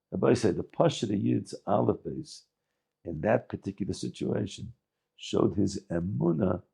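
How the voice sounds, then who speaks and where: A rabbi giving a talk, telling a story in animated English sprinkled with Yiddish words and frequent restarts. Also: male voice, fairly low pitch, creaky, slightly rough.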